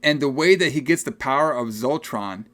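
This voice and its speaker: A young man co-hosting a podcast, recapping a movie in casual, animated chat and laughing often. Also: mid-range voice. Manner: animated, laughing, acts out film lines in quick voices. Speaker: podcast co-host.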